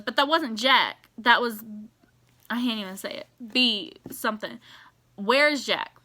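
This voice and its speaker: A woman giving casual, animated reaction commentary on a TV episode, exasperated and swearing as she rants. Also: high-pitched, measured pace. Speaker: TV reaction vlogger.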